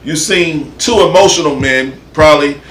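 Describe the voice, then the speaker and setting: A man hosting a casual panel chat, telling stories in an animated way and swearing freely. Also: on the high side, moderate pace, reverberant, distant mic. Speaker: podcast host.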